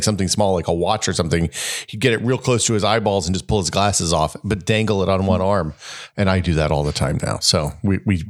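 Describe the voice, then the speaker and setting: A middle-aged man co-hosting a podcast in casual chat, rambling and correcting himself, with dry, wry humor. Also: low voice. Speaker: podcast co-host.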